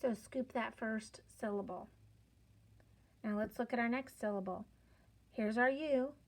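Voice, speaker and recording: Woman, phonics teacher, unhurried delivery, sounds spelled out one by one, playful encouragement. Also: on the high side. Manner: slow, clearly spelled-out teaching with playful emphasis. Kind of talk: children's phonics lesson.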